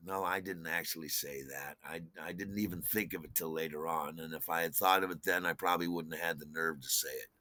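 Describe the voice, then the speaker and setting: A man's voice: rumbling low, fairly quick, no room sound. A man in his sixties telling a personal story casually, rambling with fillers and acting out quotes. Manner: animated, rambling, many fillers and restarts, acts out quotes.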